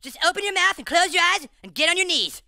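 A man's voice: very high voice, big pitch swings, fast talker, vocal fry, no echo, studio quality, exaggerated voice. An actor playing a rude, manipulative cartoon boy with a whiny, bratty manner. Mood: scheming. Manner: whiny, bratty, shouts to trick others.

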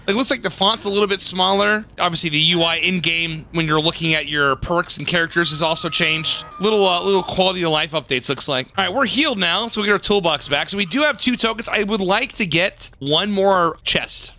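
A man giving casual, excitable gameplay commentary as a gaming YouTuber, swearing and laughing often. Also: high-pitched, a little fast, few pauses, a little hiss or hum.

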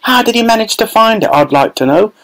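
A man voicing a large, angry boy shouting resentfully in a storybook reading. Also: high-pitched, animated, brisk, voice pushed up, rough recording.

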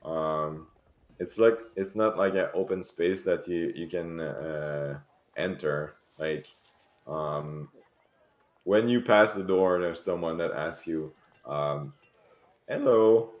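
Slow, low-voiced man running a tabletop game. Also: echoey room. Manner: hesitant, many fillers and restarts. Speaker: dungeon master. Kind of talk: narrating a tabletop game and voicing shopkeepers.

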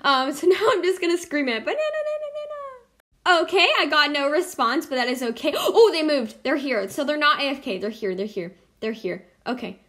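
A woman's voice: high-pitched, lively intonation, fairly quick, few pauses, fairly bright tone. A young woman hosting casual game commentary, bubbly and giggly, swinging between squeals and mutters. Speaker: gaming channel host.

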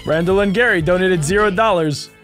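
A man's voice: sits high, fairly quick, a bit bright. A young man joking around while co-hosting a video reaction. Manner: playful, joking. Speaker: co-host. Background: music.

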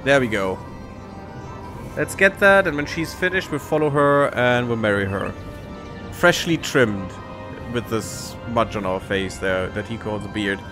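A man's voice: medium pitch, expressive, measured pace, music in the background. A man hosting a let's play, giving casual sarcastic commentary while he plays and swears freely.

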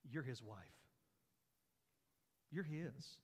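A pastor preaches a sermon in a church sanctuary, emphatic and repetitive, his force rising and falling. His high, sing-song voice is a bit bright, moves at normal speed, and echoes through a large hall.

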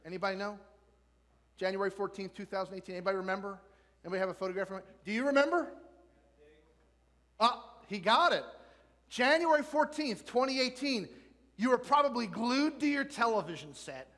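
A male pastor preaching a sermon in a lively way, asking the congregation questions and joking with them. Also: high voice. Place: church sanctuary. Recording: long church reverb.

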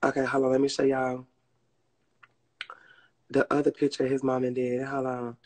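A man's voice: mid-range voice, moderate pace. A man from Georgia, chatting casually and telling stories on a live stream. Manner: chatty, expressive storytelling.

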